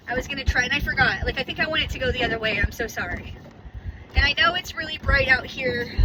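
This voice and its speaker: A high-voiced woman in her thirties chats and rambles casually as she vlogs on her phone camera from a parked car, with noise in the background.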